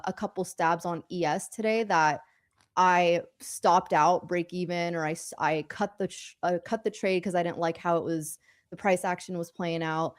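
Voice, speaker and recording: A woman with a lowish voice talks through her trading day in a loose, rambling way. She restarts her sentences often and laughs easily, in a casual live-stream chat. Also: darkish tone.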